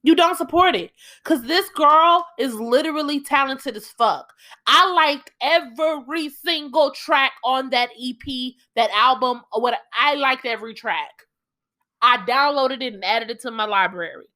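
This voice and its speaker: A young woman holds forth on her solo podcast, heated and emphatic, swearing freely. Her voice is bright and forceful and sits somewhat high. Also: unhurried. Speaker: podcast host.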